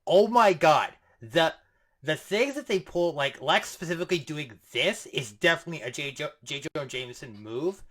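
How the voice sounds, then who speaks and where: A man with a slightly higher-than-usual voice gushes about a movie in easy podcast chat. He swears freely and jumps in with excited reactions to the scenes. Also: moderate pace. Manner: excitable, swears, talks with enthusiasm. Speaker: podcast co-host reviewing a film. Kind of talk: casual film review chat.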